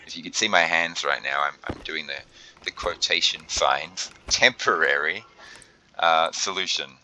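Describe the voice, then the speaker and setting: A man's voice: a bass voice, steady tone, normal speed, sharp tone, low-quality recording. A young man thinking aloud while he plays a game, often flustered, with many fillers and restarts. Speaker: gaming video host. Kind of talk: let's play commentary.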